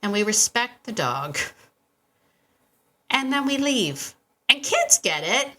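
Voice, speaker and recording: A woman's voice: on the high side, big pitch swings, takes it slowly, sharp tone. A woman hosting her podcast from a home podcast room, talking casually and animatedly with many asides and self-interruptions. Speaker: podcast host and dog trainer. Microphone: podcast microphone on a stand.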